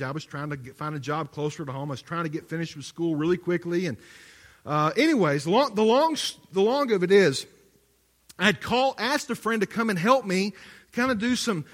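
A man's voice: sits high, a bit bright. A middle-aged man, a pastor preaching a sermon as a conversational story, with restarts and asides to the congregation. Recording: long hall reverb.

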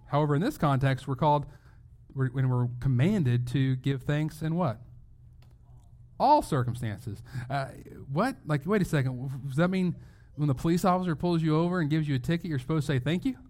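A man's voice: a little high, lively intonation, normal speed, a little mellow. A male pastor giving a sermon in a conversational way, asking rhetorical questions and restarting phrases as he goes.

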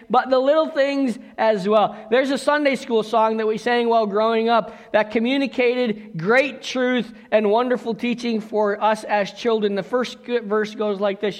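A man's voice: high-pitched, moderate pace, long reverb tail. A man preaching a sermon as pastor, talking conversationally with asides and questions to the congregation.

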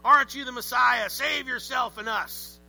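A man voicing an arrogant, sarcastic male criminal with a rough, pirate-like growl, mocking loudly. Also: extremely high pitch, normal speed, pitched above the performer's own voice, heavily acted. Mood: jeering. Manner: mocking, jeering, loud.

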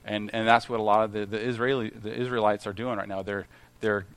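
A middle-aged man leads a casual Bible study, stumbling through restarts and fillers as he talks. His voice sits a little low. He reads scripture aloud, then unpacks it in plain conversational speech. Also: flat delivery, smooth. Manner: halting, many restarts and fillers. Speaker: lay preacher at a Bible study. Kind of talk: informal Bible teaching.

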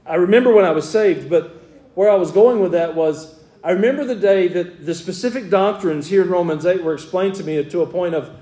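Fervent preacher in a roomy church. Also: male voice, sits high, a little fast, dark tone. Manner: fervent preaching that shifts to friendly talk with the congregation. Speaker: pastor. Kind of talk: sermon. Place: church sanctuary.

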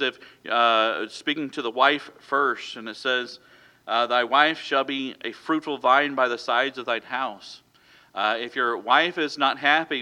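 A man delivers a sermon with a very bright, ringing tone. He speaks in a loose, conversational way, breaking off with fillers and restarting his sentences. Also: medium pitch. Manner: conversational, many fillers and self-corrections. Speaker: pastor.

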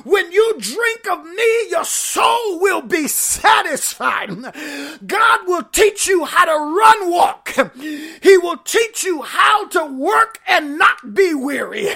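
A woman preacher with a very high, bright voice and a gravelly edge, giving a fervent sermon. She shouts and cries out key phrases and calls straight to her congregation. Her phrasing stays slow and drawn out even when she is loud. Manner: talks straight to the congregation, stretching key words.

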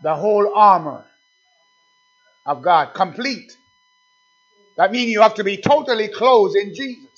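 A man's voice: high voice, unhurried, pauses often, a bit bright. A man preaching a sermon, emphatic and repetitive, calling out "amen" between points. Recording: dull lo-fi sound.

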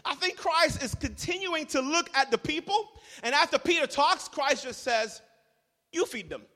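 A man preaching a sermon as pastor, telling the story with humor and animated asides. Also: very high-pitched, normal speed. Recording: large hall reverb.

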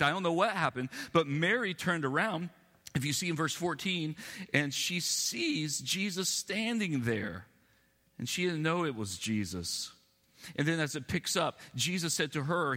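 A man's voice: mid-range voice, sharp tone, big-room sound. A man preaching an Easter sermon in a church, talking conversationally and musing aloud with self-deprecating asides. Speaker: pastor.

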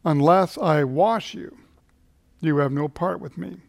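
A calm, compassionate teacher, as a preacher reads him aloud who speaks gravely and unhurriedly. His voice is a little higher than most men's and slows on his solemn warnings. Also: dry recording, studio quality.

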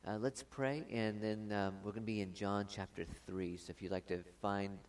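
A man's voice: lowish voice, fairly even intonation, far from the mic. Guy preaching in church, lots of ums, kinda emotional, sounds a bit away from the mic. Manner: soft, halting prayer with many fillers, louder when reading scripture. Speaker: pastor. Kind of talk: sermon with prayer and scripture reading.

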